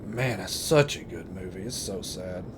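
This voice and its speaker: A man's voice: low voice, expressive, normal speed, background noise. A man giving casual live commentary while playing a video game, rambling emotionally and repeating himself. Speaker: gameplay commentator.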